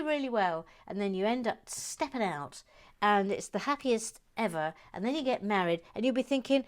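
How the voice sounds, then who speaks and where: A woman hosting a relaxed building video, chatting playfully with her viewers and slipping into a mock-formal, theatrical manner. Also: on the high side, moderate pace. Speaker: channel host reading viewer comments. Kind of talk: casual chat while building.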